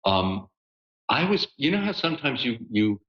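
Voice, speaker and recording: Older guy chatting on a podcast, animated, laughs a lot, kinda muffled sound. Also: medium pitch, moderate pace. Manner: animated, laughing storyteller with lots of fillers. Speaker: guest voice actor. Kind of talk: casual interview storytelling.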